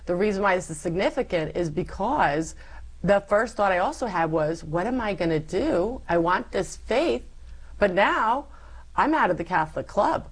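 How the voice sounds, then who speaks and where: A woman's voice: mid-range voice, lively intonation, moderate pace, poor audio. A woman, an interview guest, giving a personal faith testimony and acting out her own past words as she tells it.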